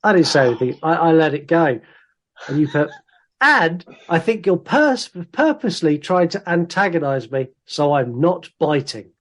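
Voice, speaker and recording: A man's voice: fairly high pitch, normal speed. A man co-hosting a casual podcast, animatedly reading out listener comments. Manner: animated, reads listener comments aloud with put-on voices. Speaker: podcast co-host. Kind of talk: casual chat.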